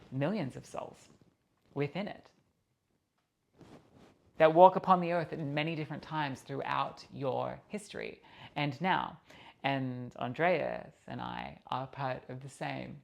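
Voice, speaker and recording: A man's voice: medium pitch, vocal fry. A man voicing an enthusiastic female Atlantean spirit guide, speaking with a put-on accent in an earnest, expansive, preachy way. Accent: unplaced put-on accent. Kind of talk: channelled spirit message.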